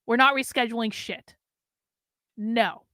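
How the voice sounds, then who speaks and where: A woman with a high, bright voice vents in an exasperated, foul-mouthed rant, circling back over the same points and firing off strings of refusals. The recording is dry and close, with no room around her. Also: a little slow, no room sound. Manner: exasperated, profane, repetitive venting. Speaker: vlogger. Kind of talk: ranting vlog.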